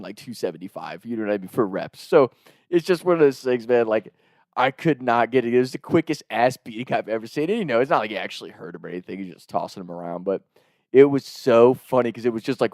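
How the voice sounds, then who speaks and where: A young man tells a story casually, talking quickly and breaking into laughter often. His voice is mid-pitched. The recording is dry and close. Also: no room sound. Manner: animated, laughing, fast-talking.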